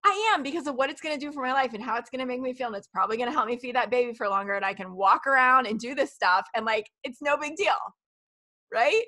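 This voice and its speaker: A woman in her thirties hosts a casual live stream, her voice pitched a little high with a bright, forceful edge. She talks in a chatty, animated way, rolling through stories. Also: fast talker. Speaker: host.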